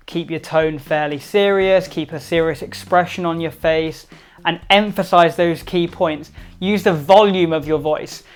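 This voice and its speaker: A man giving upbeat instructional tips to camera, emphatic and varying his loudness to stress points. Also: high-pitched. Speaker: presentation skills vlogger.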